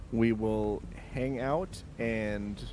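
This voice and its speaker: A man's voice: lowish voice, fairly even intonation, drawn-out words, a little mellow, a little hiss or hum. A man playing a ship captain in a tabletop game, often stammering and restarting his words. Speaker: player voicing a ship captain. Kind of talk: tabletop role-play.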